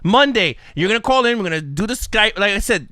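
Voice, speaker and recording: A man with a high, bright voice co-hosts a casual podcast, swinging his pitch all over as he chats. He laughs often and slips into his callers' voices to tease them. The sound is close and dry. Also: animated, fast, dry recording. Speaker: podcast co-host. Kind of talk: casual chat.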